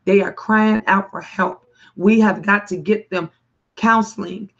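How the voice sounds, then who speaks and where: A woman hosting a talk stream and reading viewers' comments, speaking emphatically and bluntly with sudden loud rises and some swearing. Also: mid-range voice, steady tone, a little slow, gravelly, lo-fi sound.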